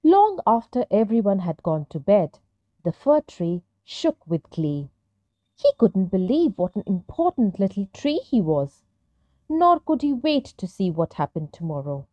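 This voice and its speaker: A woman narrating a children's story in a gentle, expressive storytelling manner. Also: medium pitch, measured pace, no room sound, muffled recording.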